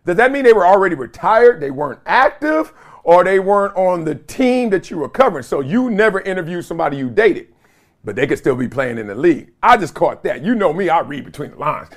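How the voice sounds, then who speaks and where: A middle-aged man hosts his own sports podcast and talks in a loose, slangy way, often laughing mid-thought. His pitch swings a lot from line to line, and his voice sits somewhat high for a man. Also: a little fast. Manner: animated, slangy, laughs often, mimics others in quotes. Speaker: podcast host. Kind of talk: casual sports commentary.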